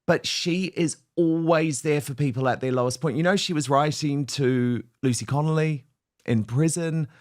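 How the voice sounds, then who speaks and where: A man's voice: a little high, moderate pace, a little mellow. A man hosting a political talk show, delivering his lines in an emphatic, rousing way. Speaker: host.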